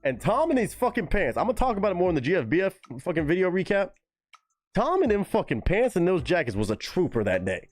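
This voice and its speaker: Animated, foul-mouthed male streamer. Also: sits high, quick pace, no room sound. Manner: animated, profane, reads chat aloud. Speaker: live-stream reaction host. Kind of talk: casual live-stream chat. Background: faint music playing.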